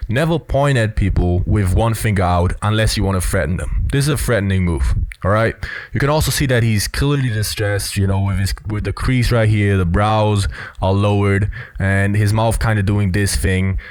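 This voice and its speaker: A man's voice: lowish voice, normal speed, darkish tone. A man giving casual video commentary on body language, explaining step by step and dropping in lots of "you know" and "right?".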